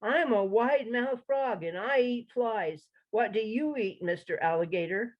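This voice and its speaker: A woman's voice: a little high, measured pace, muffled recording, pitched above the performer's own voice. A woman voicing a cheery wide-mouthed frog. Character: cheerful, chatty wide-mouthed male frog from a children's story.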